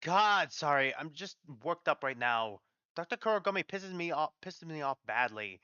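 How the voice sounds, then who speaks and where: A man's voice: on the high side, expressive, moderate pace, pushed and bright, smooth, dry recording. A man voicing a frustrated, bitter foreign engineer who vents in heated, clipped bursts, on dull lo-fi audio. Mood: bitter venting.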